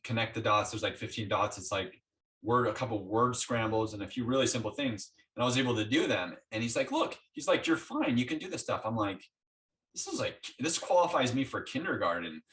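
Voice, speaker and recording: A man's voice: fairly low pitch, fairly quick, far from the mic. A man being interviewed, telling his story in a conversational way and acting out the dialogue he had with his doctors. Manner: animated, acts out quoted dialogue with doctors. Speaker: interview guest.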